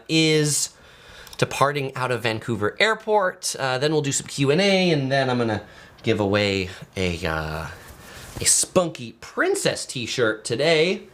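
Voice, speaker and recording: A man's voice: fairly low pitch, a bit bright. A man chatting casually as a travel vlogger, full of fillers and restarts, reading out viewer comments as he goes. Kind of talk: casual live-stream chat.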